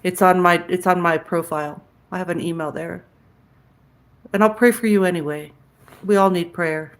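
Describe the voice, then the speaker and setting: A woman's voice: fairly low pitch, fairly even intonation, normal speed. A woman hosting a casual livestream, chatting frankly with viewers and answering their comments aloud, with the odd curse word. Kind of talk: casual live-chat talk.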